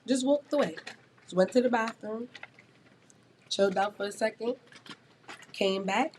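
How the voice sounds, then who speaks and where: A woman's voice: on the high side, measured pace, pauses often, a little mellow, slight background noise. A woman guest on a podcast, telling a story in a casual, blunt and profane way that often turns heated.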